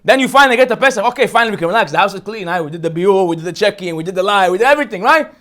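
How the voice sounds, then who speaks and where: A man's voice: high-pitched, racing. A man giving a humorous Torah lecture as a rabbi, telling stories and asking rhetorical questions. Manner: animated storytelling, rhetorical questions. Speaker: rabbi teaching a holiday class.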